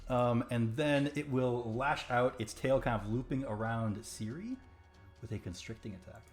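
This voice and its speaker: A man's voice: mid-range voice, normal speed, faint music behind. Man running a tabletop game. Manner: chatty, filler-heavy narration. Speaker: game master.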